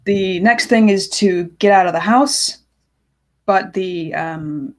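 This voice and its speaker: A woman's voice: mid-range voice, slow pace. A woman co-hosting a casual film chat, recounting the plot dryly with many hesitant fillers. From Britain. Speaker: co-host.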